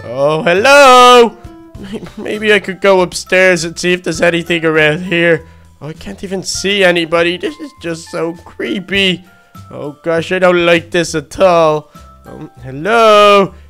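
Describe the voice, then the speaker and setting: A man narrating a game roleplay in an excitable, fretful way, full of exclamations. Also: high-pitched, a little slow, smooth, soft background music.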